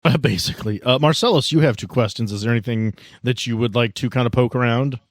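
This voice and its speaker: A relaxed man serves as game master for a tabletop game. His voice sits at a middle pitch and stays conversational. The sound is dry and close. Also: fast talker, dry recording. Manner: laid-back, conversational.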